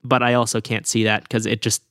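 A man hosting a podcast, chatting in an animated way and telling amused stories. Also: medium pitch, a little fast, smooth, dry recording, clean studio sound. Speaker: podcast host. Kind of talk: casual podcast chat.

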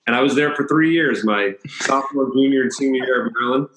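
A man's voice: mid-range voice, quick pace, fairly bright tone, slight background noise. Chatty man telling stories in a roomy space. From Washington, D.C. area. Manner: chatty, anecdotal, laughs between stories. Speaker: chiropractor. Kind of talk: casual storytelling interview. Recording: roomy echo.

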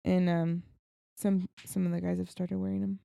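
A woman's voice: normal speed, vocal fry, smooth, dry recording. A woman in her thirties, a podcast co-host, telling stories in casual chat from a small cabin. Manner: animated storyteller, jumps to a high shriek when quoting her son.

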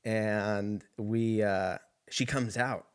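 A man's voice: fairly low pitch, fairly even intonation, drawn-out words, clear, resonant tone. A young man casually telling a rambling, profane personal story, laughing in the middle of sentences.

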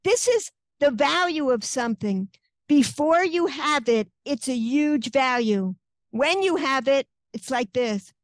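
A woman's voice: high voice, lively intonation, measured pace, dry recording. A woman talking as a guest author in an interview, earnest and acting out inner voices as she explains. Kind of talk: conversational interview.

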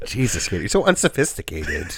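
A man's voice: mid-range voice, wildly swooping pitch, a little slow, no room sound. A man co-hosting a comedy podcast, teasing his partner and laughing often. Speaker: podcast co-host. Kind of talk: casual comedic podcast banter.

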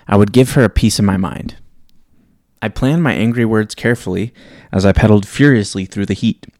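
A man's voice: on the low side, fairly quick, a little mellow, no room sound, clean studio sound. A man hosting a podcast, reading a personal story in a reflective, wry way. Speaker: podcast host. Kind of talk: reading a personal story aloud, then casual sign-off.

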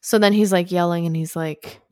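Young woman, lower voice, relaxed co-host. Retells the plot steadily with fillers, dry close mic. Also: moderate pace, dry recording. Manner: relaxed, steady storytelling with fillers, quotes characters. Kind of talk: casual chat recapping a movie.

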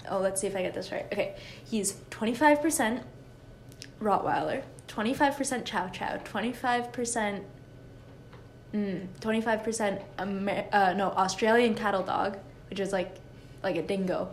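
A woman's voice: medium pitch, a little hiss or hum. A woman co-hosting a podcast in casual chat, often laughing at herself and correcting her slips. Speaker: podcast co-host.

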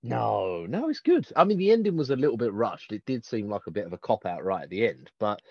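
A man's voice: lowish voice, very animated, fairly quick, creaky, husky, dry recording. A man co-hosting a podcast, enthusiastic and fond of acting out little quotes. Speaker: podcast co-host. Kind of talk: casual chat. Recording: dull, dry lo-fi mic.

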